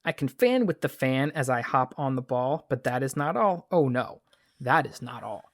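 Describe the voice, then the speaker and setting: A man's voice: medium pitch, moderate pace, no echo, studio quality. A man reading a boastful storybook cat. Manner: read aloud in a lively, sing-song storybook rhythm. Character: mischievous cat in a hat, boastful showman.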